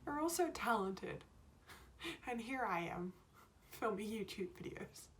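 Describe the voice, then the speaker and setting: A woman filming a casual reaction video, gushing and excitable, often joking at her own expense. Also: medium pitch, measured pace, slight background noise. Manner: gushing, excitable, self-mocking. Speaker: YouTube reactor. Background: faint music from the video she is watching.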